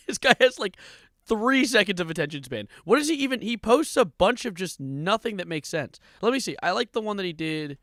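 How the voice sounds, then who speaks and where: Bright-voiced male streamer reacting. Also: sits high, expressive, moderate pace, dry recording, clean studio sound. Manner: casual, wry, laughs at clips. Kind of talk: livestream reaction commentary.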